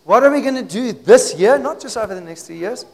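A pastor preaching a sermon in a church hall, with call-and-response, swinging from hushed to shouting. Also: male voice, sits high, expressive, a little fast, vocal fry.

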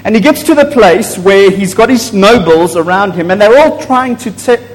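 A man preaching a sermon to a congregation in a church, excitable and prone to loud bursts, often asking the people questions. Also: high voice, moderate pace. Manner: excitable, gets loud and apologizes for shouting; asks the congregation frequent questions. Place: church hall. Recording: long echo of a large hall.

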